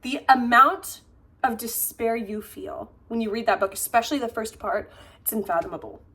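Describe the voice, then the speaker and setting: Gushing young woman vlogger, slightly high. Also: normal speed, slightly rough. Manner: gushing, excitable, swears, many fillers. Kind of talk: casual chat and book unboxing.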